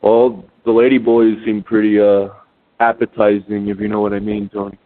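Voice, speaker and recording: A man calling into a radio show, halting and rambling with many fillers. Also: on the low side, little pitch movement. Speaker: caller. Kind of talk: prank call to a radio show. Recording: tinny phone line.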